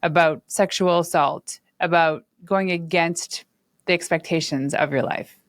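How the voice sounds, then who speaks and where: A woman hosting a podcast, telling personal stories in a lively, conversational way with laughs. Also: lowish voice, a little slow, dry recording, clean studio sound. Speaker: podcast host. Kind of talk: conversational storytelling.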